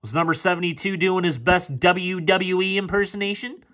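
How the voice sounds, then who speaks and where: A man's voice: sits high, fairly even intonation, normal speed, fairly bright tone. A man casually breaking down football game film, frustrated and sarcastic and swearing often. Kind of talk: casual play-by-play film commentary.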